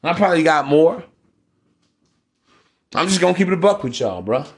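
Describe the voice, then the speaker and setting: A man delivering a casual podcast monologue in a blunt, preachy way, with frequent profanity. His voice sits somewhat high for a man. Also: lively intonation, moderate pace. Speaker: podcast host.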